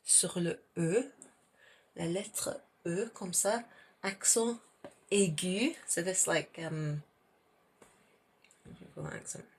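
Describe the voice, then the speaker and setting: A woman's voice: fairly low pitch, slow, pauses often, breathy edge. A woman teaching a French lesson, reading a French text aloud and then explaining its words and pronunciation in English.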